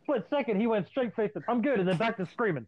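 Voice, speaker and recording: Through dry, tinny audio that sounds like a phone, a podcast co-host who used to wrestle shares profane stories from wrestling in casual chat. His voice sits high and is expressive, moving at a quick pace as he acts out the other people's voices.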